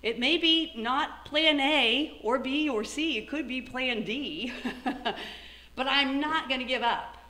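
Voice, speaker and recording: A middle-aged woman giving a motivational talk as keynote speaker, animated, acting out her own thoughts in lively asides. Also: high-pitched, slow, reverberant. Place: lecture hall.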